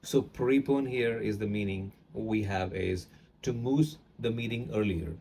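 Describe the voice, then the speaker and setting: A man's voice: fairly low pitch, unhurried, a little mellow, slight background noise. A man with an Indian accent explaining things in an online English lesson, with many fillers and words stressed for emphasis. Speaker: English teacher.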